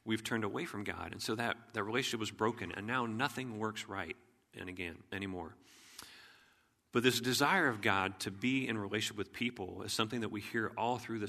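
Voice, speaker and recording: Throat-clearing male pastor in a reverberant hall. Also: fairly low pitch, sharp tone. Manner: frequent throat clearing, earnest and measured. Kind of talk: sermon.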